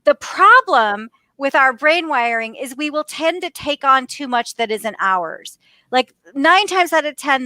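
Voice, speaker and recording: A woman in her fifties, a leadership coach talking as a podcast guest in an energetic, emphatic way and often calling out to her listeners directly. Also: sits high, no room sound. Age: 50s. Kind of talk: casual interview conversation.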